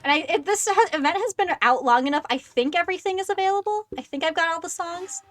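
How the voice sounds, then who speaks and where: A woman in her twenties chatting excitedly on a gaming livestream, making self-deprecating asides into a close desk microphone. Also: very high voice, fast talker, soft background music. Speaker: streamer. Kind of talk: casual gaming livestream chat.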